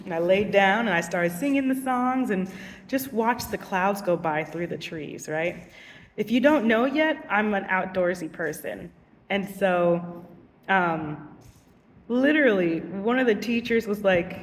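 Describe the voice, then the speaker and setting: A young woman teacher telling casual vlog stories, animated and giggly, acting out voices. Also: medium pitch, measured pace, in a large hall, far from the mic.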